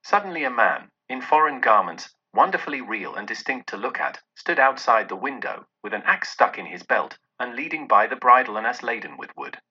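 A man reading a classic story aloud in a dramatic, expressive narration. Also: brisk, few pauses, slightly rough. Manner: dramatic, with many shifts in pitch and loudness. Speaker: audiobook narrator. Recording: dull lo-fi recording.

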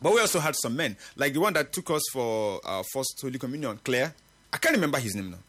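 A husky-voiced middle-aged man hosts a morning radio talk show. He speaks earnestly and with emphasis, and his pitch swings widely as he makes his points. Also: lively intonation, fast, fairly bright tone. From Nigeria. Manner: earnest, emphatic, with occasional laughs. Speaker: radio host.

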